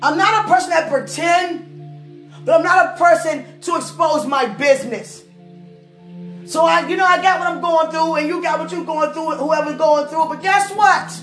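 High-voiced woman giving an emphatic faith testimony. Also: moderate pace. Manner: emphatic, swinging from soft musing to loud outbursts. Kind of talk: casual spoken testimony. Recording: roomy echo with music behind.

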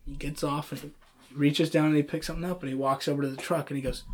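A young man casually telling stories about his coworkers, animated and full of fillers like "like" and "um.". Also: a little high, quick pace, slight background noise. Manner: animated storyteller, many fillers like "like" and "um". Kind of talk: casual storytelling chat.

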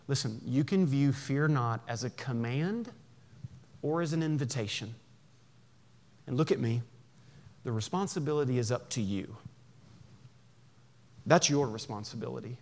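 A man preaching a sermon in a church, conversational and animated, with jokes and acted-out voices. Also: medium pitch, normal speed, pauses often. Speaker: pastor.

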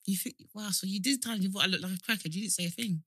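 A woman's voice: mid-range voice, racing, fairly bright tone, slight background noise. A woman co-hosting a podcast in casual chat, teasing and laughing often. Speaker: podcast co-host.

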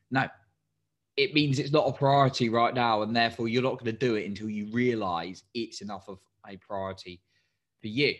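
Tired low-voiced male life coach. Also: a little fast, a bit bright. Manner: encouraging, asks many direct questions. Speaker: coach and podcast host. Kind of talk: motivational solo talk.

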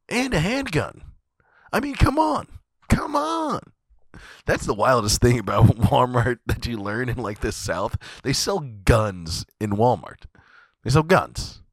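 Man, podcast host, lowish voice, dry close sound, animated, swears a lot, laughs often. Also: no room sound. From USA. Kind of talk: casual comedic monologue.

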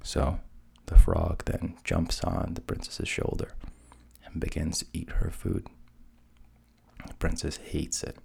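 A man narrating a fairy tale softly, at times dropping to a whisper. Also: sits low, flat delivery, takes it slowly, gravelly, husky. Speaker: storyteller.

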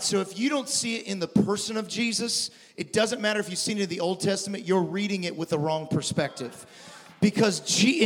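A man in his forties preaching a sermon as pastor, stammering and restarting often, swinging from quiet talk to loud shouted preaching. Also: high-pitched. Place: church sanctuary. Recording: long reverb of a large hall.

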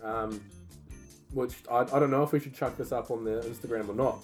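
A young man with a New Zealand accent chats casually as a comedy podcast co-host. He rambles with lots of ums, at a mid-range pitch, with faint music underneath. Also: steady tone, brisk.

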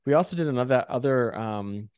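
A man's voice: medium pitch, expressive, a little fast, a little mellow, clear, resonant tone, no echo, studio quality. An American man co-hosting a church podcast in casual chat, rambling and self-deprecating with frequent laughter.

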